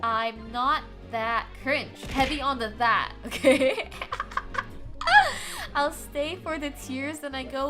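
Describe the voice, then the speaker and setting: Young female streamer, playful and dramatic, high animated voice over background music. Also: takes it slowly. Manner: playful, dramatic, giggly, teasing. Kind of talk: casual live-stream chat with viewers.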